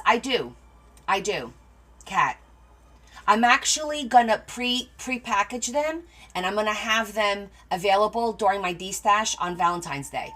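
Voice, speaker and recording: A woman's voice: fairly low pitch, a bit bright. A middle-aged woman talks casually to her livestream viewers as the host of a crafting stream. She tells stories in a chatty way and answers viewer comments as she goes. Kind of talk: casual chat with live viewers.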